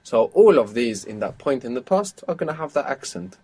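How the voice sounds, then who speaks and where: Male language tutor for a recorded course, mid-pitched, patient, step-by-step explainer. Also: very animated, a little fast, hardly any pauses, warm tone, slightly rough. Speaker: language teacher. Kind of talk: audio course instruction.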